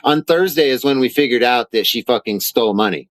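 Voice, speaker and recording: A man's voice: mid-range voice, animated, brisk, dry recording. A man ranting angrily in a vlog, heated, profane and sarcastic. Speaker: vlogger. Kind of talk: angry rant reading out documents.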